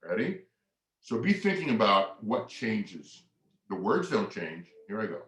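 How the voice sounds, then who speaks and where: A man's voice: fairly low pitch, a little slow. A man presenting a family workshop, reading poetry dramatically with big swings in volume and inflection, then explaining his method with enthusiasm. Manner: expressive, sweeping changes in volume and inflection when reading. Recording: echoey room.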